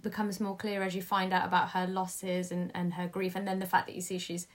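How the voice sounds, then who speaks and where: A woman's voice: on the low side, completely flat delivery, brisk. A woman in a casual film discussion, often searching for words and correcting herself. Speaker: film reviewer.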